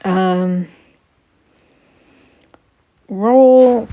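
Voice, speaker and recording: A woman's voice: medium pitch, very slow, narrow, tinny audio. A woman running a tabletop game on a stream who teases her players, laughs often and uses many fillers. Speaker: game master.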